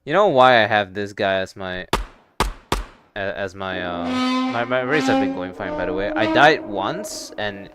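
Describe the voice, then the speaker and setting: Rambling, low-voiced young male streamer. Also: sing-song, a little slow, loud music behind the voice. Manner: rambling, stop-start, casual swearing. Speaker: game streamer. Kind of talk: casual gaming stream chat.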